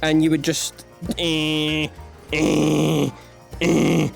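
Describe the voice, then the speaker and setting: A man's voice: fairly high pitch, monotone, drawn-out words, gravelly, soft background music. A Scottish man hosting a let's-play, rambling in self-mocking jokes and asides to the viewer while he plays. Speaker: gaming channel host. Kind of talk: playful let's-play commentary.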